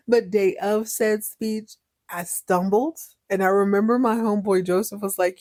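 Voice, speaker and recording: A woman in her thirties recaps a soap opera on her podcast with playful sarcasm and chatty digressions. Her voice is mellow and dark-toned, recorded dry and close. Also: mid-range voice, fairly even intonation, unhurried, no echo. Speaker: podcast host.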